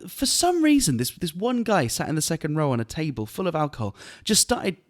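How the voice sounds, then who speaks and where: A man, a comedian, telling a story on a podcast in an animated way and laughing often. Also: fairly high pitch, fairly quick. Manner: animated, laughing while retelling an anecdote. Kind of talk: casual storytelling chat.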